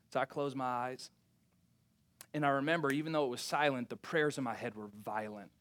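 Delivering a sermon a little fast, a young pastor shares a personal story and brings family conversations to life with lively, wide pitch swings. When he turns reflective, his voice falls quiet and intense.

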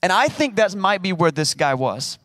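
Higher-voiced man preaching casually. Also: very animated, moderate pace, a bit bright, no echo, studio quality. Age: adult, married. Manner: conversational, acts out quotes with playful asides. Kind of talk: casual sermon.

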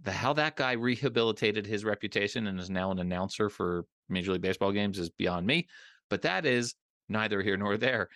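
A man's voice: lowish voice, brisk, fairly bright tone, no room sound, clean studio sound. A man hosting a casual podcast interview, joking around and often repeating words as he talks. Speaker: podcast host.

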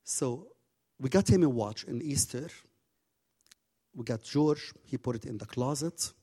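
Gravelly, husky male preacher. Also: mid-range voice, measured pace. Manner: impassioned, swinging from hushed to loud. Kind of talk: sermon storytelling.

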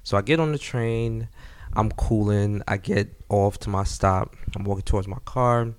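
A man tells a laid-back story on a casual podcast. His voice sits low. He chains quick runs of "yeah" as he talks. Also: clean tone, dry recording. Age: 20s. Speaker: podcast co-host. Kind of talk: casual chat.

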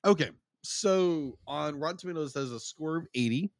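A man's voice: on the high side, moderate pace, vocal fry, no echo. A man co-hosting a casual podcast review, mostly giving short replies and reading out ratings. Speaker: podcast co-host.

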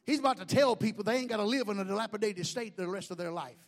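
A man preaching a sermon, a pastor, who swings from shouted declarations to quiet joking asides with folksy humor. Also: high voice, quick pace.

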